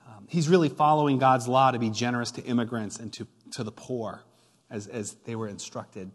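A man's voice: medium pitch, steady tone, a little fast, husky. A man preaching a sermon as pastor, retelling a story with playful asides and emphatic build-ups. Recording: long hall reverb.

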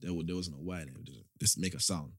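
A man who grew up in Jamaica, speaking with a Jamaican accent in animated, laughing casual chat on a podcast. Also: deep voice, fast, no room sound, clean studio sound.

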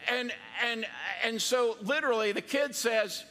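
A man's voice: extremely high pitch, moderate pace, few pauses, pushed and bright, long reverb tail. A man preaching a sermon as a pastor, conversational and joking, with quoted asides.

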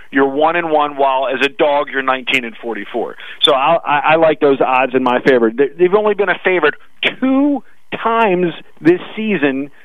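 A man with a Brooklyn accent analyzing sports betting odds on a radio talk show, talking fast with frequent restarts. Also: a little high, no echo, narrow, tinny audio. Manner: rapid with frequent restarts, "listen".

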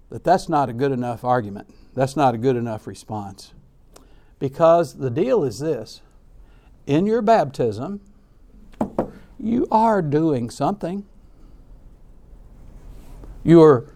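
Male preacher, sermon delivery, emphatic, dark mellow timbre. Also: mid-range voice. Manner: emphatic, varies loudness and pace, repeats words.

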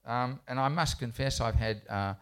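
A man's voice: medium pitch, moderate pace, clear, resonant tone. A man who writes poems for children tells a rambling, self-deprecating anecdote to a live audience in a bookshop, with frequent restarts. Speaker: children's poet speaking at a festival panel. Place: bookshop event space, indoors.

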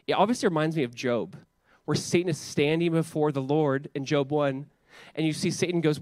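A man's voice: on the high side, normal speed, darkish tone, no room sound, clean studio sound. A man in his thirties preaching a church sermon in a casual, conversational way, often saying "like" and repeating words. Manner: conversational, repeats words, many filler 'like's. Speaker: pastor.

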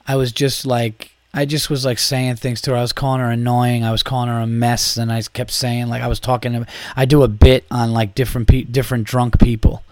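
A man's voice: medium pitch, level tone, brisk, a little mellow, no echo. A man, a comedian and podcast host, telling a story casually with profanity and plenty of "like" and false starts. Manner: profane, rambling, lots of "like" and restarts.

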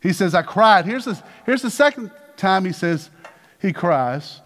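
A male pastor preaching with great energy. His voice sits high and leaps up and down as he asks the congregation for responses and plays the figures in his Bible stories. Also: animated, measured pace, fairly bright tone. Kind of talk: sermon.

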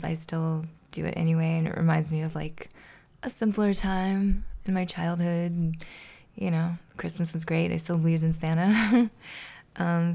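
A woman hosting a solo podcast in a relaxed, chatty way, laughing easily as she reads a children's storybook aloud. Her voice sits low with a gravelly fry. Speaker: podcast host. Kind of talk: casual chat and storybook reading.

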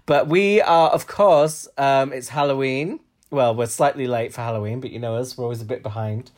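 A podcast co-host in casual chat, playful and teasing, full of quick jokes and frequent laughter. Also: medium pitch, darkish tone. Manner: laughs often.

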